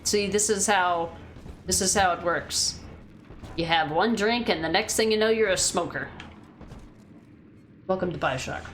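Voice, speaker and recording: A woman streams a game with casual commentary, chatting, swearing freely and replying to her chat. Her voice sits on the low side and is a bit bright, and there's a little hiss or hum in the audio.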